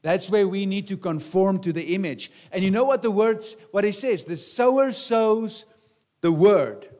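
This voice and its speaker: Preacher man with a higher voice. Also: measured pace, a little mellow. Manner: conversational preaching, rhetorical questions, frequent "right?" and "amen?". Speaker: pastor. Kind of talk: sermon.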